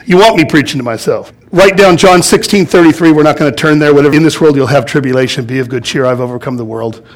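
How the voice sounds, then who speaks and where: A man pastor delivering a sermon, animated and storytelling, chuckling as he goes. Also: a little high, quick pace. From United States. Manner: animated storytelling with laughs and acted-out quotes.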